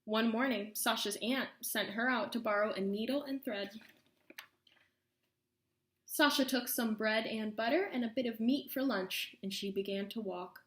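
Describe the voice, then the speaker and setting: Storybook reader, female, a touch high, expressive read-aloud, roomy echo. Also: measured pace. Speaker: storyteller reading a children's book.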